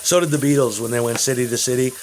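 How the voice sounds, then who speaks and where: A man rambles crudely in a home vlog, his voice at an ordinary middle pitch. He lurches from loud bursts to low muttering, with a faint hiss of background noise behind him. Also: very fast, poor audio.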